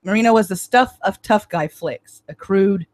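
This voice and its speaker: A woman hosting a live stream, reading a novel aloud in steady, measured first-person narration. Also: medium pitch. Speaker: reader and stream host.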